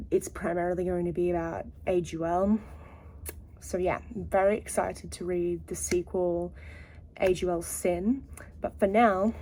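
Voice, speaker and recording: A woman's voice: fairly low pitch, warm tone, a little hiss or hum. A woman book vlogger talking casually and enthusiastically to camera. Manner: chatty and enthusiastic, many "like" fillers. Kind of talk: casual vlog chat.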